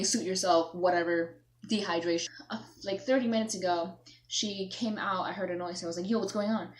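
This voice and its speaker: A young woman vlogging, telling a story in a rambling, self-mocking way, acting out herself and her mom. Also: medium pitch. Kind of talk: casual storytelling to camera.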